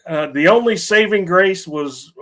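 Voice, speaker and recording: Emphatic, slow-talking man ranting. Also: high-pitched, expressive, fairly bright tone. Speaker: podcast film reviewer. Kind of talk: casual movie review chat.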